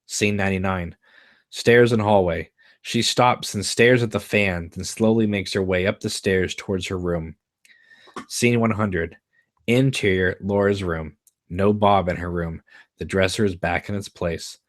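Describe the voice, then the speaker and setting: A man's voice: sits low, steady tone, unhurried. A man hosting a live stream, reading a screenplay's stage directions aloud in a plain, matter-of-fact way, sometimes stumbling over words.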